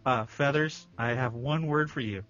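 A man's voice: mid-range voice, normal speed, fairly bright tone, no room sound. A man co-hosting a podcast in casual chat, joking and playful, with bursts of laughter. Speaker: podcast co-host. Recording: slightly lo-fi with faint music.

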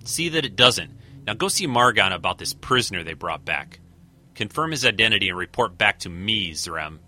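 Stern admiral barking orders, read by a man, deep and sharp-edged. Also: expressive, normal speed, heavily acted. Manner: barking, cold commands. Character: stern, domineering human male admiral.

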